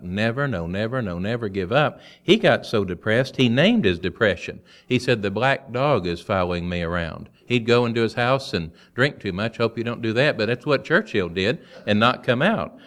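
A man preaching a sermon. His voice sits a little on the low side. He tells stories in a folksy, animated way and drops in quick asides.

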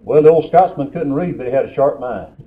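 Male preacher, mid pitch, folksy sermon delivery, narrow tinny phone-like audio. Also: fairly quick. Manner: folksy storytelling with scripture quotes.

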